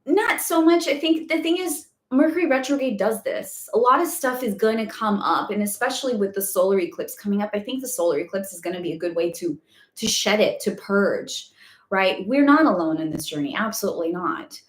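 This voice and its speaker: A woman's voice: medium pitch, animated, a little fast. Rambly chatty woman doing a live q&a, lots of ums, roomy echo. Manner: chatty and rambling, heavy on fillers. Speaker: spiritual guidance host. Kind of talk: casual live Q&A talk. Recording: echoey room.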